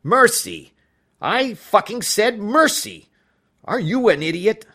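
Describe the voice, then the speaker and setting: A man's voice: sits high, animated, measured pace, fairly bright tone, voice pushed up, exaggerated voice. A man voicing a fussy old male judge who whines in a childish voice and barks when angry. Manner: plaintive and petulant, snapping into barking.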